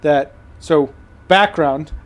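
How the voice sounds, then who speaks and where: Man, podcast co-host, a bit higher voice, jokey asides, casual chat. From Oregon, US. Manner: jokey, chimes in with quick asides.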